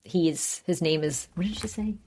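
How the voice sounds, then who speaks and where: A low, gravelly-voiced woman talks through a TV episode in a casual podcast chat. She keeps the story moving, slipping into short, animated impressions of each character. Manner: animated retelling, acts out characters' lines in quick voices. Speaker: podcast co-host recapping a TV episode.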